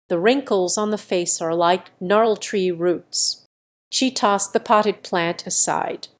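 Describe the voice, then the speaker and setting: A woman narrating a fantasy audio story in a measured storytelling voice. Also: mid-range voice.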